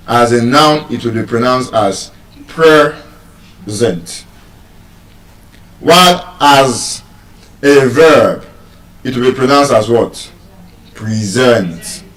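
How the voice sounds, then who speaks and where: A man's voice: mid-range voice, a bit bright, reverberant, far from the mic, poor audio. A Nigerian man teaching English word stress to a live audience, teasing them and asking questions.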